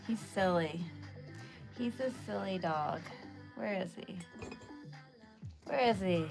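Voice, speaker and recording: A woman chats casually on a home livestream, greeting viewers by name. She sounds tired from just waking up, and her voice has a gravelly edge. Quiet music plays faintly behind her. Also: mid-range voice. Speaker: livestream host. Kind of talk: casual live chat with viewers.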